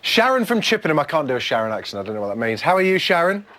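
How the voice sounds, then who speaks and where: A man hosting a phone-in show, cheeky and camp, with quick comic asides. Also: on the high side, big pitch swings, pushed and bright.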